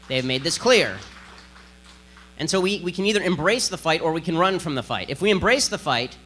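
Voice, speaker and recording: Man, fast-talking sarcastic lecturer with a slightly high, sharp voice and a faint mains hum. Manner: rapid-fire, combative and sarcastic. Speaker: political speaker giving a lecture. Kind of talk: speech to an audience.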